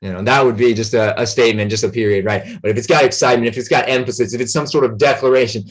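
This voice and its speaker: A man giving a relaxed, rambling grammar lesson as a tutor, full of fillers and check-ins with his students. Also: mid-range voice, very fast, husky.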